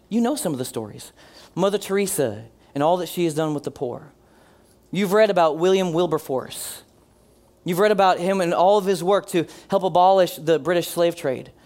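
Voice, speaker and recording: A male pastor delivers a sermon in an earnest preaching voice that sits a little higher than most men's. He leans into key phrases by slowing down and letting his voice fall quiet, then calls on the congregation to repeat lines back to him. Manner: earnest preaching, slows and drops his voice for emphasis; leads the congregation in call-and-response.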